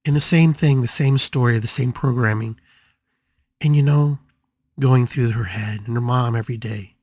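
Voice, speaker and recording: Guy hosting a spiritual podcast, dramatic storytelling, dry close sound, mid pitch. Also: moderate pace, a little mellow, no room sound. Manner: dramatic, emphatic, repeats phrases for effect. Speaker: podcast host.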